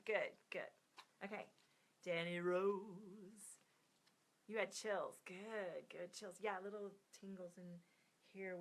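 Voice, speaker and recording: Running a live stream of card readings, this thirtysomething woman has a mid-range voice and a recording with a little hiss or hum. Warm with her viewers, she sings their names and sometimes sinks to a gentle near-whisper.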